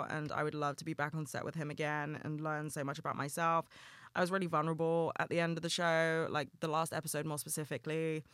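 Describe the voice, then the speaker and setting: A man talks alone into a podcast mic, candid and earnest, dropping swear words easily. His voice is smooth, clear and rather bright, sitting a touch high. His delivery stays fairly level in pitch. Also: dry recording, studio quality. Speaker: podcast host. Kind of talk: casual solo podcast talk.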